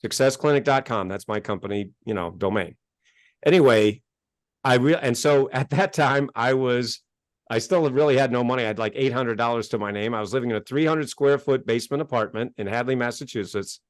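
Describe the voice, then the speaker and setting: A man from the United States, a self-help author telling his life story as an interview guest, animated and acting out conversations. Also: mid-range voice, fairly quick, no room sound, studio quality. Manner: animated, gets worked up and acts out exchanges.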